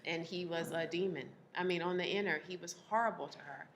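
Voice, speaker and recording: A woman relationship coach speaking to a live audience, animated, laughing often and acting out the people she quotes. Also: fairly low pitch, brisk, a little hiss or hum.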